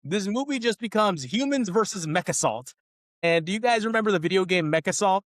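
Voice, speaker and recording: Man, high voice, exasperated ranting, podcast co-host, dry close mic. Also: lively intonation, fairly quick, fairly bright tone, dry recording. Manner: ranting, exasperated, quotes lines in mocking voices. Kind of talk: casual movie review chat.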